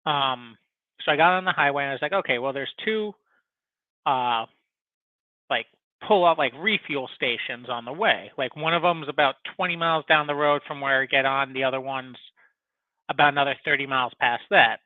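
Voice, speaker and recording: Medium-pitched and moderately paced, this male podcast host rambles through a lengthy, lively story laced with profanity and verbal filler. There's no room sound, though the recording has a tinny, phone-like quality.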